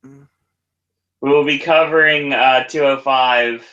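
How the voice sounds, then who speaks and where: A man's voice: mid-range voice, fairly even intonation, slow, sharp tone, echoey room, dull audio. A man hosting a podcast in casual chat, giving brief dry replies and reading out chat comments. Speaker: podcast host.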